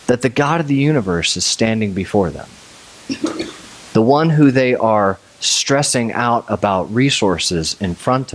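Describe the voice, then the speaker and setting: A man preaching a conversational sermon, telling the story with energy and acting out scenes. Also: medium pitch. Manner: animated storytelling, acts out scenes, chuckles. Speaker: pastor.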